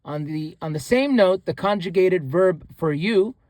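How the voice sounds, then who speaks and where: A man's voice: sits high, expressive, unhurried, a little mellow, no room sound. A man teaching a grammar lesson in a casual, explanatory way, often restarting sentences and repeating example words. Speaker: language teacher.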